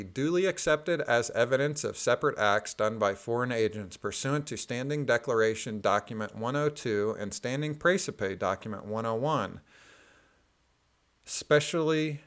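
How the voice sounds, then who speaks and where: Guy reading through paperwork out loud, slow and careful, average pitch, tosses in quick side comments. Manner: methodical, deliberate reading with plain spoken asides. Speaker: commentator reading court filings. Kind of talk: reading documents aloud with asides.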